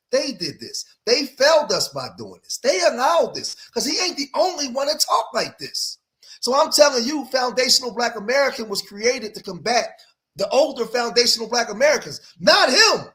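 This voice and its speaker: A man's voice: high-pitched, fairly bright tone. A man hosting a livestream, reacting to clips in emphatic commentary and repeating phrases for emphasis.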